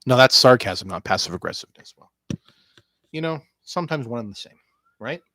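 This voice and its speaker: A man's voice: mid-range voice, animated, a little fast, no echo. Joking podcast host man, dry sound. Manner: joking, swearing, jumps between quiet asides and loud bursts. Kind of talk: casual rambling podcast monologue.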